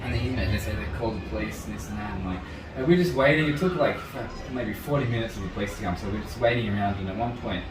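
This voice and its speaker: Fast-talking man, roomy distant sound. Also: fairly low pitch, crowd noise. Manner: rambling, swears freely, laughs often. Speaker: martial arts instructor guest. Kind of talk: casual storytelling in conversation. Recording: roomy, distant mic, background noise.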